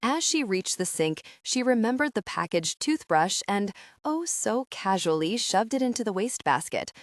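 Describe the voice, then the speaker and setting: A woman narrating a romance audiobook with an expressive, scripted reading. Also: mid-range voice, normal speed, no room sound, studio quality.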